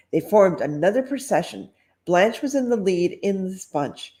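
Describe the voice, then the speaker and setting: Unhurried woman reading a storybook aloud. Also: mid-range voice, lively intonation, warm tone. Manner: chatty, nostalgic asides. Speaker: storytime reader.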